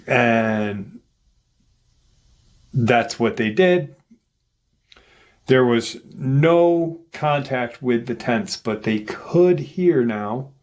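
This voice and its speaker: A man hosting a paranormal channel, retelling an encounter story in an unhurried, hesitant way, full of fillers and restarts. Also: medium pitch, lively intonation, darkish tone.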